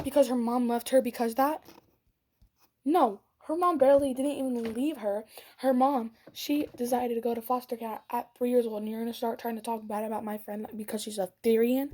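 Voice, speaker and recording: Sassy high-voiced teen girl vlogger. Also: fairly even intonation, a little fast, a little mellow. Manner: sassy, dramatic, drops into whispers. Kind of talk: storytime rant.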